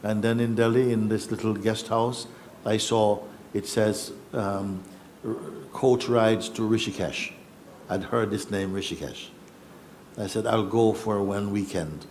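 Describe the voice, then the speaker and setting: A man, a spiritual teacher telling his own story in a reflective, unhurried way with pauses and restarts. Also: lowish voice, fairly even intonation, a little mellow, slight background noise. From Jamaica. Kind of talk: personal storytelling.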